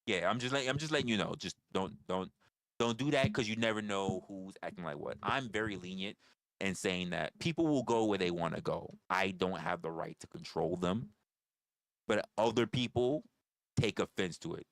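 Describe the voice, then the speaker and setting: A man's voice: low voice, expressive, moderate pace, no room sound, studio quality. A man hosting a livestream in casual chat with viewers, blunt and profane, often stammering and restarting his phrases. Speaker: livestream host.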